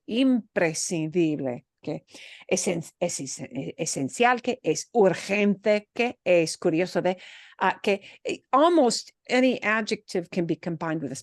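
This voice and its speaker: A woman teaching a class, patiently explaining and rephrasing, slipping in short Spanish phrases with a chatty, lively manner. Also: mid-range voice, no echo, studio quality.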